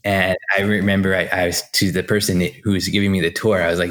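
A man's voice: deep voice, level tone, fast talker, hardly any pauses, a bit bright. A man in his forties, a guest in an interview, telling stories about his design career in a chatty, anecdotal way, full of fillers and restarts. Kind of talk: casual storytelling interview.

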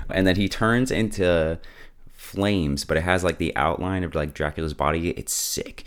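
Male host, deep and smooth, slangy laid-back recap with frequent chuckles. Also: moderate pace. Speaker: show host. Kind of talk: casual episode recap.

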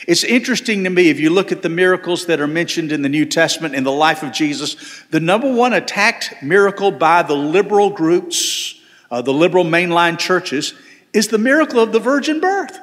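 Earnest pastor in a big reverberant church. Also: male voice, sits high, animated, a little fast, fairly bright tone. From Southern United States. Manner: earnest preaching with restarts and emphatic rises. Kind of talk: sermon. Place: large church sanctuary. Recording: long church hall reverb.

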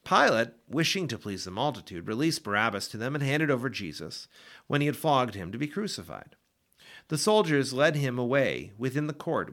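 A man reading scripture aloud for a daily Bible podcast, with an expressive, dramatic delivery. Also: mid-range voice. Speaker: Bible reader.

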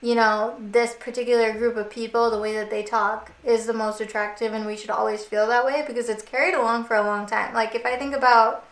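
A woman's voice: a little high, flat delivery, fairly quick, few pauses, a bit bright, roomy sound. A young woman co-hosting a casual chat, talking loosely with lots of "like". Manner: chatty, fillers of "like".

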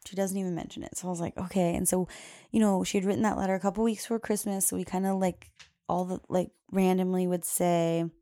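A young adult woman with a fairly low, mellow voice hosts a podcast. She tells a casual story, quoting her little daughter in a raised voice.

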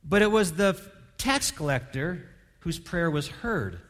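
A man's voice: on the high side, animated, unhurried, a bit bright. A man preaching a sermon from a church stage, earnest and conversational, often restarting his words. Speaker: pastor. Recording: long hall reverb.

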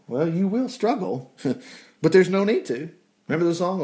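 A man's voice: fairly high pitch, wildly swooping pitch, moderate pace, a little mellow. A man preaching a casual, folksy sermon, often laughing and dropping in "praise the Lord". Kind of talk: conversational sermon.

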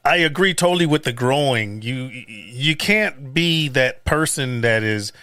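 A man's voice: medium pitch, lively intonation, a little slow, pushed and bright, dry recording. A man hosting an interview, speaking easily and thinking aloud with fillers as he shares stories about his daughters. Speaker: podcast host. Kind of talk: casual interview.

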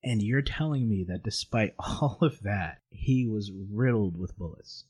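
A man with a low, slightly husky voice speaks in a relaxed, conversational way. He tells a personal story earnestly and reflectively, and his feeling comes through as he talks. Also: unhurried. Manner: earnest, reflective, emotional at times.

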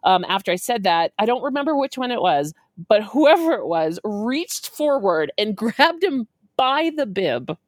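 A woman in her forties telling a story in an animated way, acting out quotes and laughing often. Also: medium pitch, measured pace, hardly any pauses, no room sound, studio quality. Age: 40s.

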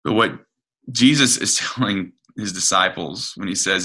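Man, preacher, conversational sermon, earnest, hesitant restarts, piercingly bright tone. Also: low voice, a little slow, slightly rough.

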